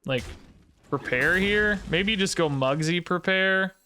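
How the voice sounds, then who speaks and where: Bright, excitable young man commentating gameplay. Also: high voice, unhurried, a little hiss or hum. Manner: rambling, self-questioning, excitable, swings into mock anger. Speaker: gameplay video host.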